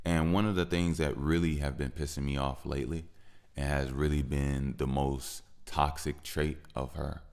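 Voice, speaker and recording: Male podcast host, 30s, extremely deep gravelly voice, frustrated personal venting. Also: little pitch movement, moderate pace, a little mellow. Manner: frustrated, repetitive, rising into heated stretches.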